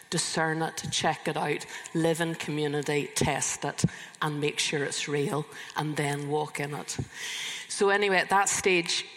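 A woman's voice: low-pitched, fairly bright tone. Earnest woman preaching in a big reverberant hall. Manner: conversational and earnest, with frequent restarts. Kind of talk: sermon with personal testimony. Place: church hall, live congregation. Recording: long reverb of a large hall.

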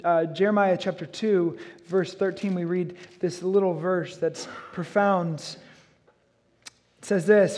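A man with a fairly high voice preaches a sermon through a passage of scripture. He talks to the congregation in a relaxed, conversational way, dropping offhand asides between the verses he reads. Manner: casual, conversational asides mixed with reading scripture. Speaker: pastor. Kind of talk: expository sermon.

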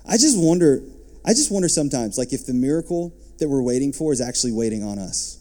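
A man as pastor, preaching a sermon and reading scripture, lifting his voice and dropping to soft asides. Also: medium pitch, expressive, quick pace.

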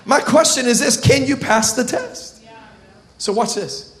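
A man preaching a sermon, animated and humorous, retelling scripture with slang. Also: extremely high pitch, measured pace, noisy background. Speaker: pastor.

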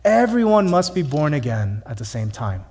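Pastor guy preaching in church, punchy, lots of questions to the crowd, kinda high voice. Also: very animated, normal speed, a little mellow, slightly rough, big-room sound. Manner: emphatic, conversational, rhetorical questions. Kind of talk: sermon.

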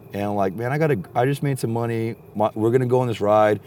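A man's voice: on the low side, fast, hardly any pauses, slight background noise. A young man telling a rambling, profane story in casual chat and acting out what people said. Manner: rambling, animated, heavy swearing, acts out quotes.

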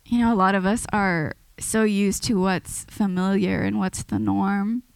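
A woman's voice: mid-range voice, steady tone, unhurried, vocal fry, clean tone, no echo, poor audio. A woman giving an informal, earnest sermon to a church, talking conversationally and often restarting her sentences. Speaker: preacher.

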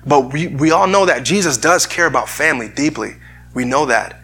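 Male pastor, husky and bright-toned, earnest sermon delivery with frequent restarts. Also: fairly high pitch, normal speed. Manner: earnest, repeats words while searching for phrasing. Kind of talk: sermon with scripture reading.

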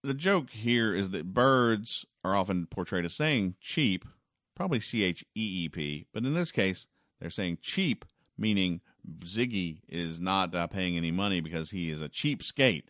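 Man, very low voice, deadpan podcast host, wry asides, dry close sound. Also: unhurried, no echo. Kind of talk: comedic comic-strip commentary.

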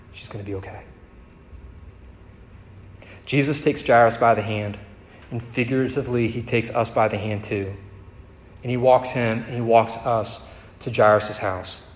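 A male pastor preaching a sermon, moving between soft tender passages and emphatic rising peaks. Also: fairly low pitch, slight background noise. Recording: echoey hall with faint ambience.

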